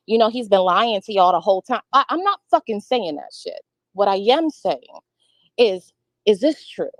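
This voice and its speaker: A woman with a slightly high voice argues on an online debate panel, combative and insistent, swearing freely. Her voice sits close and dry, with no room sound around it. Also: darkish tone, no room sound, poor audio. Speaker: panel guest.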